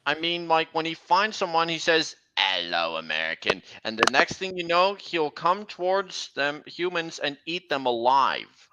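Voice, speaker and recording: Guy chatting on a stream, really bright and clear voice, takes his time, lots of restarts. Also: on the high side, lively intonation, unhurried, muffled recording. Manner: rambling, with many restarts, trailing lists. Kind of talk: casual chat on a livestream.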